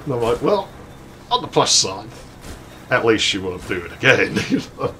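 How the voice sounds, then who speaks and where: A man's voice: mid-range voice, sing-song, normal speed, pushed and bright, slight background noise. Rambling, sweary man. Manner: rambling, sweary, chuckling between lines. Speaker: let's play host. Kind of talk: casual storytelling while playing a game.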